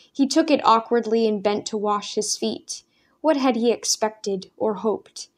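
Woman narrating a story, measured and even. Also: mid-range voice. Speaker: audiobook narrator. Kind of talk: scripted narration.

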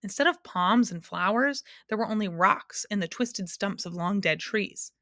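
A woman narrating a storybook aloud, expressive and lingering over words. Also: mid-range voice, normal speed, dry recording, clean studio sound. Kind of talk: audiobook narration.

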